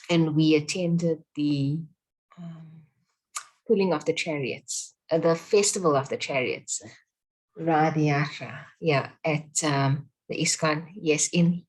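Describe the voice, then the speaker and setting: A woman's voice: low voice, low-quality recording. A woman sharing news on a video call early in the morning with her morning voice, hesitant with many ums and self-corrections. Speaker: class participant sharing news.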